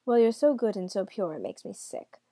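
A woman reads out a smug, sneering devil, a man, cool and mocking in his storybook scene. The voice is dark and mellow, and there is no room sound around it. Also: medium pitch, lively intonation, a little fast, no room sound.

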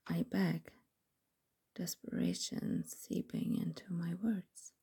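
A young adult woman telling an intimate first-person story in whispered role-play, slow and breathy. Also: on the low side, expressive, warm tone.

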